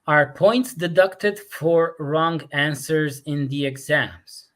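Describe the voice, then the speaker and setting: A man's voice: on the high side, takes it slowly, fairly bright tone. A man with an American accent hosting a casual interview, asking questions and joking between them. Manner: chatty, joking, asks questions. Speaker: host.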